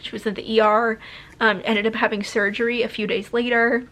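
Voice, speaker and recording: A woman's voice: a little high, little pitch movement, brisk, fairly bright tone. A young woman vlogging a candid life update as a mom, talking in a rambling way full of fillers and restarts, emotional and close to tears at times.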